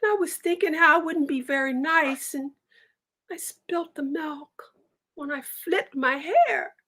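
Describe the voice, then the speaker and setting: A vain young milkmaid girl, dreamy and boastful, lost in her own daydreams, as a woman storyteller puts her on. The voice sits high and unhurried, drawing out each word as she imagines herself at the party. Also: sharp tone. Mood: tearful.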